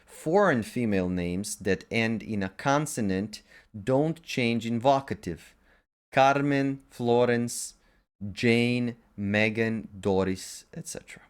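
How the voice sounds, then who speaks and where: A man's voice: mid-range voice, slow pace, smooth. A man teaching a language lesson, methodically going through word pairs with short asides. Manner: methodical, lists words in pairs with brief asides.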